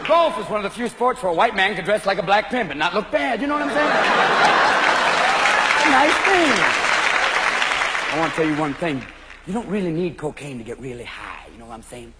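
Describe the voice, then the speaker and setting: A manic stand-up comedian with a high, wildly swooping voice, jumping from one bit to the next and shouting punchlines. He is recorded live in a club, where a loud audience roars with laughter and steady noise sits under him. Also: a crowd in the background. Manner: manic, rapid voice switching, shouting bits.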